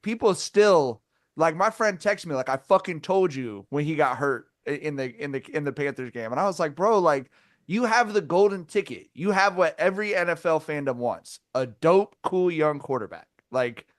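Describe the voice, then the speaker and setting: Conversational man with a higher voice. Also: animated, moderate pace, a bit bright, no echo, clean studio sound. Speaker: podcast co-host. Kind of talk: casual sports chat.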